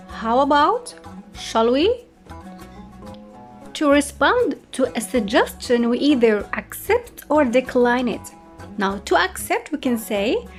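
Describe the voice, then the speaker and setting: A woman English teacher giving an online lesson, explaining slowly and carefully. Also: sits high.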